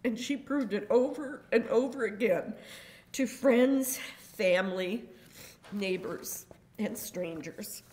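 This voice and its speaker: An older woman reading a prepared statement in a courtroom, grave and deliberate, with measured emphasis on each word. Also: mid-range voice, darkish tone. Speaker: victim's daughter giving a statement.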